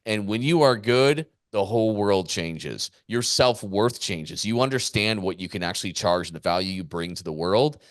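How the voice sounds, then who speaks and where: A man's voice: on the low side, lively intonation, moderate pace, hardly any pauses, dry recording, clean studio sound. A man co-hosting a podcast as a business coach, talking in a fired-up, emphatic way and repeating his points for weight. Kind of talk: casual podcast chat.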